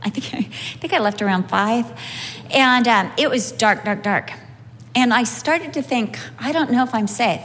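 A woman telling personal stories in a sermon, lively and humorous as she recounts them. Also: on the high side, normal speed. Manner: animated, humorous storytelling. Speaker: speaker sharing a testimony. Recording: long hall reverb.

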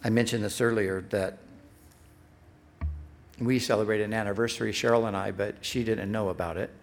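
A man's voice: lowish voice, fairly even intonation, normal speed. A middle-aged man preaching a sermon as pastor. He speaks earnestly, building emphasis on repeated phrases, and restarts his sentences when he speaks off the cuff.

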